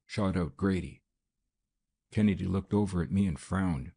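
A man narrating a detective novel as an audiobook in a measured, even reading style. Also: sits low, gravelly, breathy edge. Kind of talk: scripted narration.

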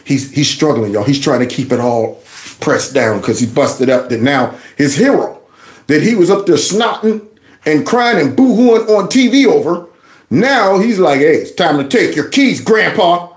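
A man's voice: on the high side, animated, normal speed, roomy sound. A man hosting a reaction commentary, laughing and sarcastic as he mocks a clip. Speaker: host.

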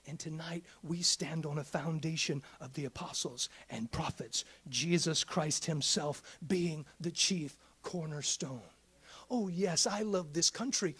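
A man preaching a midweek sermon in a church, swinging from hushed whispers up to shouts. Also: on the high side, a little slow, husky. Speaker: pastor.

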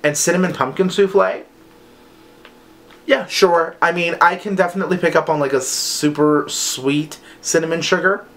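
A man's voice: a little high, fairly even intonation, normal speed, fairly bright tone. A man chatting enthusiastically and playfully as he reviews scented wax melts in a casual haul video.

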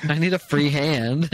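A man co-hosting a casual podcast, laughing often and retelling comedy bits with lively asides. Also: on the high side, no echo. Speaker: podcast co-host. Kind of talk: casual chat.

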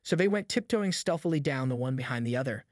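A man's voice: mid-range voice, animated, fast, no echo, studio quality. Man reading a classic novel aloud. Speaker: audiobook narrator. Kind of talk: scripted narration of a novel.

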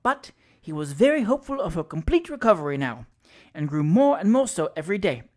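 An audiobook reader narrating a classic ghost story with measured storytelling. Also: medium pitch, big pitch swings, a little mellow. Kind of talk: classic fiction read aloud.

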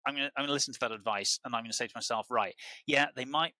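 A British man with a very bright, sharp voice tells stories as a podcast guest. He rambles and keeps restarting and repeating words. The recording is dry and close. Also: medium pitch, racing, no room sound, rough recording. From United Kingdom. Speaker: truffle grower, podcast guest. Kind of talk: casual conversational storytelling.

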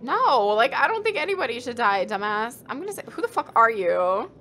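A woman's voice: a little high, sing-song, a little fast, pushed and bright, a little hiss or hum. A woman streamer giving brash, profane commentary on a horror game. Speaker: gaming streamer. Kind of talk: crude casual let's-play commentary.

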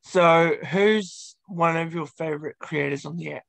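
A male podcast host asking casual interview questions in a slow, hesitant way. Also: on the high side, vocal fry, a bit bright.

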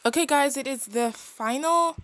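A woman's voice: sits high, no echo. Chatty young woman narrating her game. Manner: chatty, expressive, quick reactions. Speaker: gaming channel host. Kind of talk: casual game commentary.

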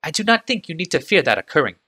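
A man voicing an anxious, deferential male servant in an audiobook reading, his voice pushed high and strained. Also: sing-song, quick pace, bright, forceful tone, husky, full character voice. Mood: nervous.

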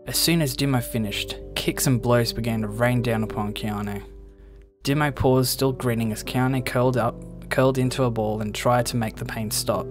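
A man narrates the story text of a video game in a steady storytelling way. His voice sits at a middle pitch. Faint music plays underneath. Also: normal speed.

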